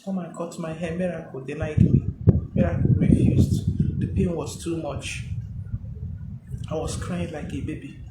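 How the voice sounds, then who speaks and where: A woman's voice: low-pitched, roomy sound, very noisy. Woman giving an emotional testimony. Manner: emotional, halting retelling. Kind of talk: personal testimony.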